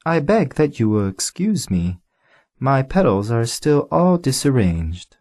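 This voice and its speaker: A man's voice: mid-range voice, big pitch swings, measured pace, a little mellow. A man voicing a vain, delicate female flower who talks in a sweet, affected, fussy way in an audiobook. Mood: sweetly vain. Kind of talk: audiobook character voice.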